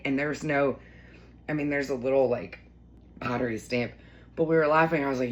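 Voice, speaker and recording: A woman chatting casually through a home vlog, bubbly and gushing, slipping into a high baby-talk voice for her cat. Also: expressive, moderate pace, long pauses, slight background noise. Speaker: lifestyle vlogger. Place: home kitchen and living room.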